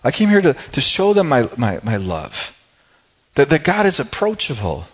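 A man voicing a calm, gentle teacher, speaking softly and slowly, recorded with dull lo-fi sound. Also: medium pitch, breathy edge. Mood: earnest.

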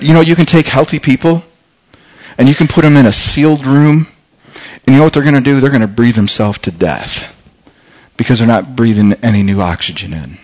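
A middle-aged man preaching a sermon, telling a personal story with lots of restarts, getting louder when reliving the danger and softer when he reflects. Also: medium pitch, rough recording. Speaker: pastor.

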